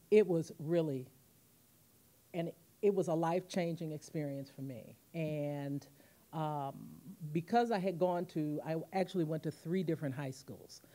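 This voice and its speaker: A woman in her fifties gives a commemorative speech in a university auditorium at a podium mic, telling stories and acting out the quotes. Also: deep voice. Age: 50s. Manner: animated storytelling, acting out quotes. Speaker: guest speaker, museum president.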